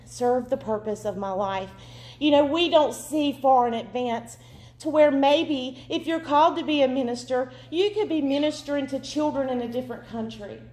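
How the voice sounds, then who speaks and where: A woman, preaching a sermon as emotional, earnest testimony. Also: sits high. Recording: echoey room.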